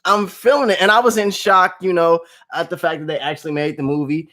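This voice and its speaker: Man, casual movie review vlog, animated, excited outbursts, low asides, slightly high voice. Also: fairly quick. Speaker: movie vlogger.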